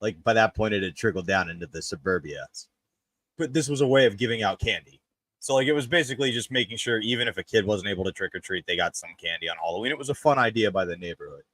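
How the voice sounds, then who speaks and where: Low-voiced man telling a story. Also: fast, dry recording, poor audio. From Memphis. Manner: animated, shouts when quoting others. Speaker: podcast co-host. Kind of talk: casual storytelling.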